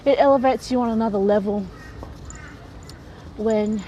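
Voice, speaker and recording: Speaking at a normal speed, a woman with a mellow, fairly high voice offers casual advice to camera; the recording loses its highs. She's chatty and frank, dropping light laughs mid-sentence while faint noise sits behind her.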